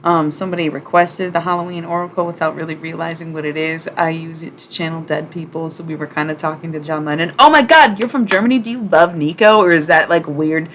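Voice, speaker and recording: A young woman streamer reads oracle cards live and chats loosely with her viewers. She talks in a slightly low voice, swears freely and leans on filler words. Her delivery jumps into loud, excited outbursts, and faint noise hums behind her. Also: fast talker, hardly any pauses. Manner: chatty, profane, full of "like" fillers.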